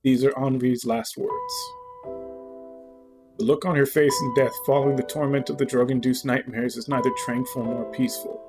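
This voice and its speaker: A man streaming a game, reading its story text aloud in a measured, earnest way. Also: mid-range voice, fairly even intonation, over music.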